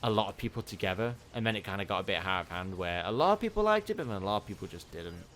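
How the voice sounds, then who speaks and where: A man hosting a casual let's-play, excitable and self-mocking. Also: lowish voice, racing, slight background noise. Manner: excitable, self-mocking, prone to laughing outbursts. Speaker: gaming channel host.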